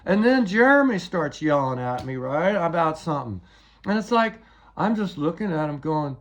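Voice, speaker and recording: A man's voice: sits high, expressive, moderate pace. An older man giving a rambling, agitated personal account, often repeating words as he retells events.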